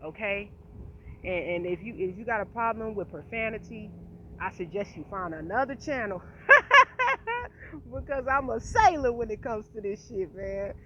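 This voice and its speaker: A woman's voice: medium pitch, normal speed. A woman vlogging to her viewers in a passionate, profane, emphatic rant, with a slight speech impediment. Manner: passionate, profane, emphatic, repeats "you feel me". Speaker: channel host. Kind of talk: casual direct-to-camera rant. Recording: slightly dull lo-fi audio with faint noise.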